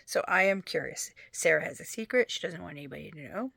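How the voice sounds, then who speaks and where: Woman, vlogger, casual storytelling, gravelly voice, drops to whispers. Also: low voice, lively intonation, fast, a bit bright, no echo. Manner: chatty storytelling, often dropping to a whisper. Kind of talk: casual chat.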